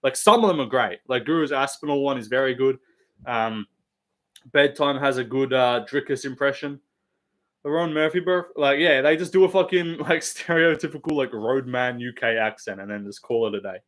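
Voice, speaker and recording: A man's voice: mid-range voice, normal speed. Blunt, sweary Australian man. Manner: rambling, heavy swearing, blunt opinions. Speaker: live stream host. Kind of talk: casual live stream chat.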